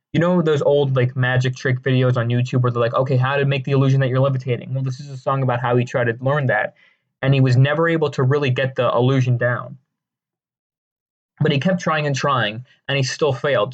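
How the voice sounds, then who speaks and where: A man giving casual, rambling commentary with a deadpan delivery, crude jokes and many fillers and restarts. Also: medium pitch, lo-fi sound. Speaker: video creator ranking songs.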